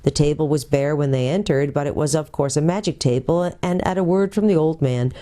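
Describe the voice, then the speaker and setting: Woman pastor, storybook read-aloud, steady and clear, mellow warm voice. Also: deep voice, brisk. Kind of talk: reading a children's book aloud.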